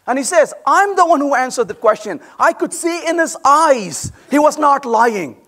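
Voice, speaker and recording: Man, high voice, very lively pitch, conference talk, animated, acts out quotes. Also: moderate pace. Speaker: conference speaker. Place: large conference hall.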